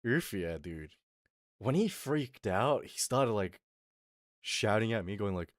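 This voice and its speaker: A man's voice: fairly low pitch, animated, takes it slowly, dry recording. A young man streaming as a vtuber, telling a story to his chat in a rambling, casual way with lots of fillers, on a close mic. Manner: rambling, fillers, reads chat and acts out quotes.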